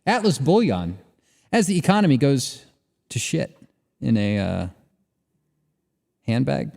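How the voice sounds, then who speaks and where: A man's voice: mid-range voice, very animated, unhurried, gravelly, darkish tone, long reverb tail. A man co-hosting a talk show, reading ad spots and chatting in a jokey way, with fillers as he trails off. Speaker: podcast co-host. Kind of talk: casual chat with read ad spots.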